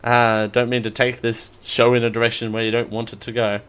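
A man's voice: mid-range voice, flat delivery, a little fast, fairly bright tone, clean tone. A man hosting a live question show, rambling and self-mocking, laughing at his own jokes. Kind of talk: live stream Q&A.

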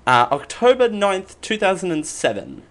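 A man hosting a casual podcast and reading quiz questions, playful and quick to laugh. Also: high voice, wildly swooping pitch, fairly bright tone. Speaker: quiz host.

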